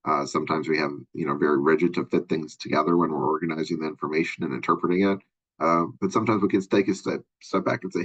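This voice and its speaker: A man teaches a recorded college lecture in a very low, husky voice. He talks quickly and loosely, with fillers and friendly asides. The sound is dull and lo-fi. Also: fairly even intonation, fairly bright tone. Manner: conversational, many fillers and asides. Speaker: college instructor.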